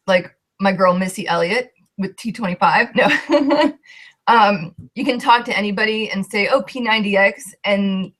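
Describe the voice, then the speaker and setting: A woman's voice: medium pitch, fairly bright tone. A young woman, a coach, telling her personal story with heartfelt emotion and a voice that shakes at times.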